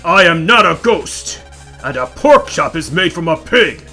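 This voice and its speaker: A man voicing a menacing male bull spirit monster that speaks in a slow, deep, gloating way over faint game music. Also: sing-song, bright, forceful tone, full character voice. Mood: stern.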